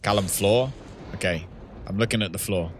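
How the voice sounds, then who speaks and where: A man's voice: fairly low pitch, normal speed, slight background noise. A man, chatting casually with viewers while playing a game live, reading out chat messages and laughing often. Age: 30s. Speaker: streamer and host. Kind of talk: casual livestream gaming chat.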